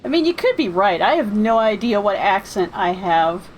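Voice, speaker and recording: A woman's voice: mid-range voice, very animated, normal speed, slight background noise, low-quality recording. A woman from the United States giving rambling, chatty commentary while streaming a fishing game. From United States (California and Florida). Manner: rambling, chatty, self-deprecating. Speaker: let's play streamer. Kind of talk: casual gameplay commentary.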